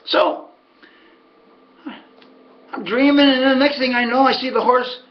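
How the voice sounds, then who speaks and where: This horse racing handicapper and host, a middle-aged American, talks a little slowly in a very high voice over lo-fi sound. He wanders through a relaxed monologue like a chatty storyteller, dropping folksy asides as he tells his tales.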